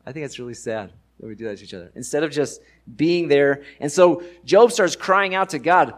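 A man's voice: fairly high pitch, fairly quick, few pauses. A man preaching a sermon in a casual, conversational way, using everyday slang and rising with emphasis on key points. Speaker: pastor.

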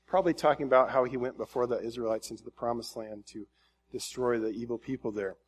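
A man teaching from the Bible in a relaxed, conversational way, often restarting phrases and reading scripture aloud with rising emphasis. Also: medium pitch, fairly quick, breathy edge. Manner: casual, thinking aloud with frequent restarts.

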